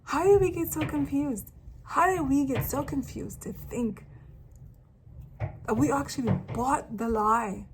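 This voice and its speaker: An animated woman from Africa vlogging her thoughts, pitched a touch high and drifting off into rambling asides. Her talk is loose and spontaneous, with a faint hum of room ambience under it. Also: measured pace. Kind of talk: casual spiritual monologue.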